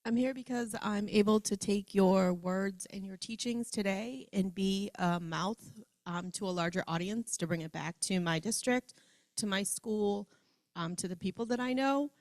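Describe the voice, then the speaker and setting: A woman's voice: medium pitch, normal speed, darkish tone, no room sound. A woman at a workshop earnestly explaining why she came, with fillers. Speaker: workshop participant. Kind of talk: earnest self-introduction.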